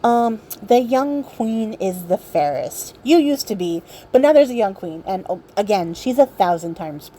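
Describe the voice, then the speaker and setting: A woman's voice: mid-range voice, lively intonation, a little slow, few pauses, dark tone, slight background noise, lightly acted. A woman voicing a cautious male magic mirror in a casual fairy-tale retelling, hedging and hesitant.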